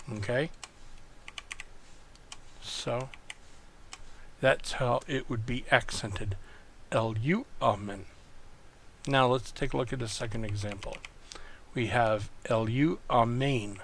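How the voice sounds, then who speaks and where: A man teaching an online lesson, working through exercises step by step and thinking aloud in a slow, methodical way. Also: medium pitch, vocal fry, a little hiss or hum. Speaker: Greek tutor.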